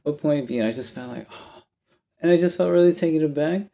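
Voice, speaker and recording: Gravelly man rambling through a story. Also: fairly high pitch, brisk. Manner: rambling, animated, self-interrupting. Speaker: vlogger. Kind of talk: casual storytelling vlog.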